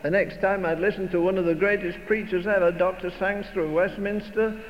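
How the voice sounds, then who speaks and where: A man's voice: high voice, fairly even intonation, fairly quick. An older man preaching a sermon with emphatic, rhetorical, repeated phrases. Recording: dull recording in a reverberant hall, faint noise.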